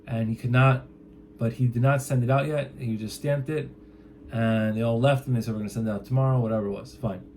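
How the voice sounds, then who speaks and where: A man's voice: medium pitch, fairly even intonation, fast talker, mellow, slight background noise. A man casually retelling a traditional story from memory, chatty and loose, with lots of fillers and "he's like" quotes. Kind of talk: casual spoken retelling of a folk tale.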